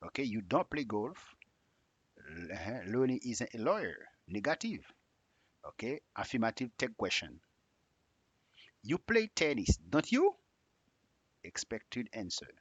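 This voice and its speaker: A man leads a slow English lesson, stressing each example sentence carefully. His voice is a little husky and swings widely in pitch, rising sharply on each question tag. The recording is dry and close, with no room sound. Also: sing-song, no echo. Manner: drills example sentences with exaggerated rising tags. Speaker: English teacher. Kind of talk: slow spoken grammar lesson.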